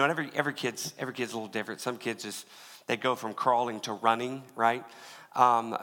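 A man preaching a casual sermon, talking loosely with restarts and dropping to a hush at times. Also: fairly high pitch, in a large hall. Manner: conversational preaching with many restarts, drops to a hush. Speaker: pastor.

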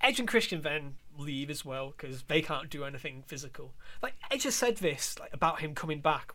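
A man co-hosting a podcast in casual chat, animated and sarcastic, laughing often. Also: on the high side, normal speed, few pauses. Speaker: podcast co-host.

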